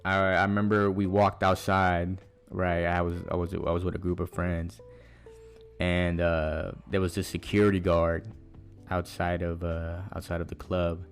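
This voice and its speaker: A man's voice: low-pitched, level tone, a little slow. A young man talks loosely into the mic, hosting his own podcast. He rambles, swears freely and drops slang every few words. A faint guitar plays underneath. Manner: rambling, profane, slangy, full of "bruh". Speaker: podcast host. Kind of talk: casual monologue storytelling.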